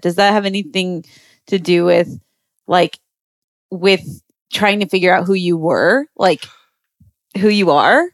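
A woman's voice: lowish voice, no room sound, studio quality. A woman interviewer asking thoughtful, searching questions with hesitant restarts in a casual podcast conversation.

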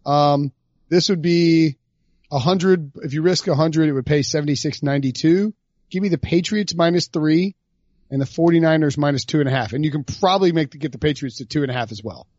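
Chatty podcast host with a slightly high voice. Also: male voice, brisk, darkish tone, no echo, highs cut off. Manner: chatty, thinks aloud. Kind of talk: casual betting podcast chat.

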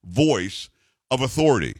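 A man hosting a radio talk show with a bass voice, telling stories casually and jokingly, doing voices for the people in them. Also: a little slow, no echo. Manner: animated, jokey, puts on voices for the people in his stories. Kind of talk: casual on-air storytelling. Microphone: studio microphone.

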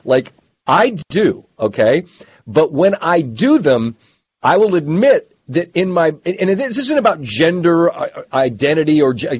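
A man co-hosting a casual podcast chat, telling stories with quick asides. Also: medium pitch, a little mellow, slightly rough, dry recording, lo-fi sound. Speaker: podcast co-host.

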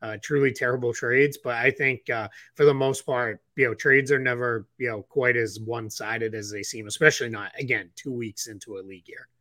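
A man's voice: medium pitch, fairly even intonation, fairly quick, hardly any pauses, bright, forceful tone, no echo. A man co-hosting a sports podcast in casual chat, rambling with many fillers and restarts, and he has the hiccups. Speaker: podcast co-host.

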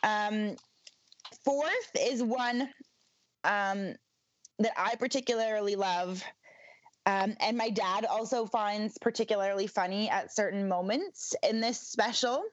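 A woman's voice: mid-range voice, takes it slowly, dry recording. Chatty woman full of ums, dry muffled sound. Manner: chatty, many ums and restarts, laughs easily. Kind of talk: casual chat.

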